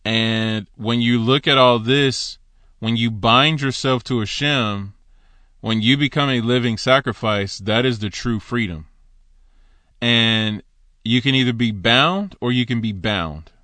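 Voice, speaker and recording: A man's voice: medium pitch, moderate pace, no room sound. Man giving a dry, conversational Torah teaching. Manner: conversational, with animated quoted asides.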